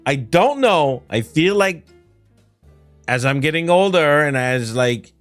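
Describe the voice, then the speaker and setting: A man's voice: on the high side, animated, takes it slowly, fairly bright tone, no room sound, faint music behind. A man from Quebec whose first language is French, with a Quebec French accent, chatting casually on a livestream in a whiny, ranting way, laughing often and swearing. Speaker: streamer.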